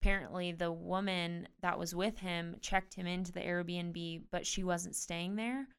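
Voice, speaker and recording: Young woman guest rambling through a story, lots of "like", super smooth clear voice, lowish pitch. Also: measured pace. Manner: chatty, animated retelling with frequent "like". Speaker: guest, professional tennis player. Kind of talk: casual interview storytelling.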